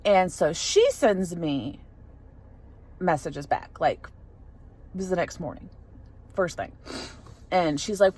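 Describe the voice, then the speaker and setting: A woman's voice: lowish voice, takes it slowly, pauses often, a little mellow, breathy edge, no room sound. A young adult woman telling a story in a casual vlog, rambling with lots of fillers and restarts. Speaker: vlogger.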